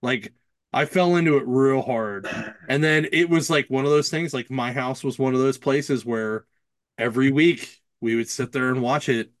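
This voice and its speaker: A man's voice: mid-range voice, moderate pace, no echo. A man co-hosting a podcast, telling a rambling story in casual chat and acting out the people he quotes. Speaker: podcast co-host.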